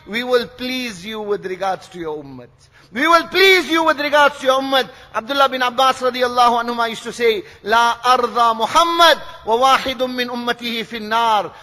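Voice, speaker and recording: A man delivering an impassioned sermon in a very high, bright, urgent voice. He talks fast, drops to hushed pleading, then climbs to shouts. A long reverb trails after him in a large gathering hall. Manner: emotional, rising to shouts, recites Arabic verses rapidly. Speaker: preacher.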